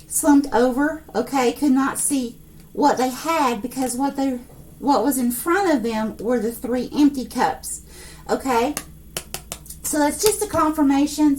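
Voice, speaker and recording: A woman giving a monthly tarot reading to her viewers, excitable, filling her talk with fillers and pausing to address a spirit. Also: high-pitched, far from the mic, slight background noise. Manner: excitable, breathless outbursts, many fillers; speaks to an unseen spirit. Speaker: psychic tarot reader.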